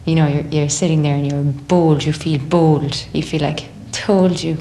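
A young woman with an Irish accent and a low voice. She talks freely and animatedly in a casual interview, slipping into other people's voices as she tells stories. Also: moderate pace, a little hiss or hum. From Ireland. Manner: chatty, animated, acts out others' voices in quotes. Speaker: singer in a band.

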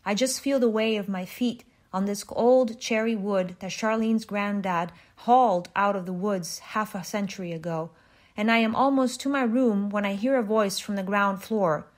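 A woman reading a short story aloud in an even, measured way, with small restarts. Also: medium pitch. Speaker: reader.

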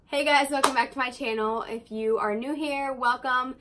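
A young woman chatting casually to her camera as a vlogger, quick and rambling, full of likes and ums. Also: high-pitched, steady tone, background noise.

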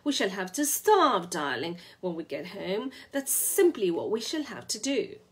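A woman's voice: big pitch swings, measured pace. A woman reading aloud, voicing a chirpy, slightly hysterical middle-class English wife who gushes and shrieks. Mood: gushing. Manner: chirpy, gushing, shrill.

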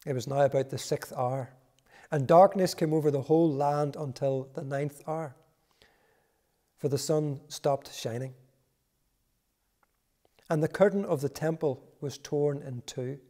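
A man reading a Bible passage aloud in a church service, measured and solemn. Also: on the high side, fairly even intonation, dark tone. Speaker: scripture reader.

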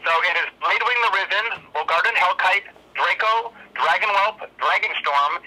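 Guest caller, male, bright rapid delivery, husky tinny phone line. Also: sits high. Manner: fast, self-deprecating, stammering restarts. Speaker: game designer calling in. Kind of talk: phone call-in chat.

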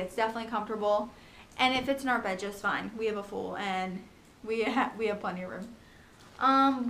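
A young woman in a casual home vlog, talking fast and chattily about her pregnancy, with lots of ums and likes. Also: fairly high pitch. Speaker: pregnancy vlogger. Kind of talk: casual chat.

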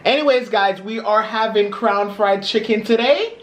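A woman's voice: mid-range voice, normal speed. Brief: woman in a casual food vlog, explanatory tone, echoey room with faint hiss. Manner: plain explaining tone, walks through the menu. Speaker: co-host of a twin-sister channel. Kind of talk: casual mukbang chat.

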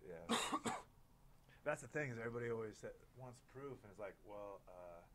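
A man's voice: fairly low pitch, expressive, normal speed, fairly bright tone, a little hiss or hum, poor audio. A man who is a podcast guest in casual chat, joking and self-deprecating.

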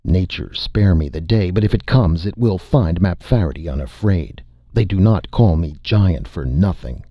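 A man voicing a gentle giant male reptile warrior who rumbles calm, earnest words, in a slightly muffled recording. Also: moderate pace, dry recording.

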